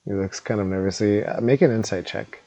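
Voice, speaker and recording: A man's voice: fairly low pitch, brisk, warm tone, dry recording, muffled recording. A man narrating as game master, casual and chatty with lots of fillers. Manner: casual, laughing, filler-heavy.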